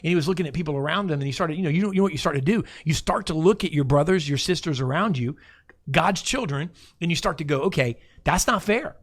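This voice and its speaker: A man hosting a faith talk show, telling stories in a lively way with many restarts. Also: on the high side, quick pace. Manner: animated storytelling with many restarts. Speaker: host.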